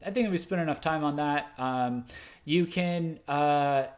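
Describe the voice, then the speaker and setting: A man's voice: on the high side, measured pace. A man from the United States hosting a music news livestream, talking off the cuff with lots of fillers, restarts and self-corrections. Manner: laughs at his own mistakes. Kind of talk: unscripted livestream commentary.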